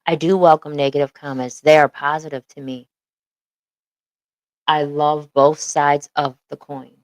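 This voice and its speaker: A woman's voice: low voice, fairly even intonation, unhurried, dry recording, rough recording. Emphatic woman chatting on a podcast. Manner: emphatic, repeats herself, talks in bursts. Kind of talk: casual chat.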